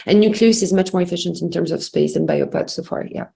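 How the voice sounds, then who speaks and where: Female presenter, gravelly and mellow, halting answers with lots of fillers. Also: lowish voice. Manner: halting, many fillers and restarts. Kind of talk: conference Q&A. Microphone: video call.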